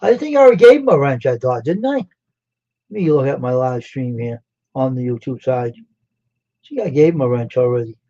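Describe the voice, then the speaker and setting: Hosting a casual live stream with dull lo-fi audio, a man chats with viewers, greeting them by name and asking them questions. He speaks at normal speed in a mellow, medium-pitched voice with lively intonation.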